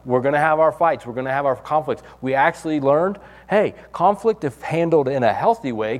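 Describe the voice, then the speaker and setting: A male pastor preaches in a loose, conversational way, often restarting his sentences and leaning on fillers. His voice sits at an ordinary middle pitch. A long reverb hangs behind him, as in a church hall. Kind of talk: sermon.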